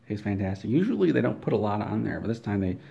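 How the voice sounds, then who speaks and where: A man telling an absurd comic story in a rambling, matter-of-fact, deadpan way. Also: fairly low pitch, fast, vocal fry.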